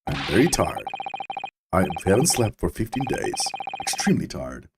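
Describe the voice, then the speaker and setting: A man voicing a weary, bumbling middle-aged police inspector in a low, slow, mumbling voice, reading game dialogue aloud. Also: wildly swooping pitch, vocal fry, exaggerated voice. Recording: game music behind.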